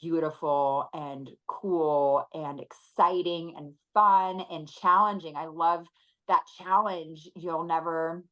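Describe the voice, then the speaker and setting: A woman in her thirties, a guest on an interview podcast, talking earnestly and reflectively, with soft laughs now and then. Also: low-pitched, fairly even intonation, slow, low-quality recording. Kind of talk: conversational interview.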